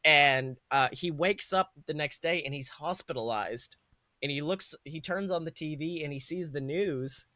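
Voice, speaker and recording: Bright-voiced young man telling a story. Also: fairly high pitch, normal speed, dry recording. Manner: rambling, self-correcting storytelling with fillers. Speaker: podcast host. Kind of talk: comedic fan-fiction retelling.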